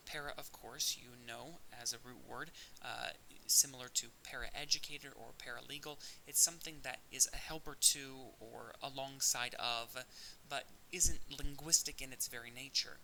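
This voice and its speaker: Bright-voiced man giving an audio lecture. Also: medium pitch, moderate pace, gravelly, low-quality recording. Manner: explanatory, with occasional fillers and restarts. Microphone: audio-only recording. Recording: faint hiss.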